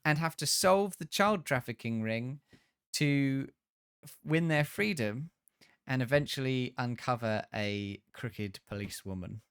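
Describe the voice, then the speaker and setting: A man's voice: medium pitch, measured pace, a bit bright, smooth, no room sound, clean studio sound. Man recapping a film plot, swearing freely. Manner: rambling, swearing storyteller who restarts often. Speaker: podcast co-host reviewing films.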